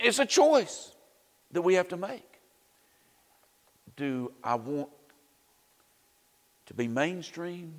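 Lively, slow-talking male preacher in a hall. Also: fairly high pitch. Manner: conversational, wry asides, many you-knows. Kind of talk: sermon.

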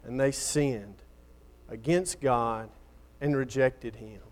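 A man's voice: mid-range voice, slow pace. A man preaching a sermon in a dramatic style, building up and then falling nearly silent at the ends of phrases.

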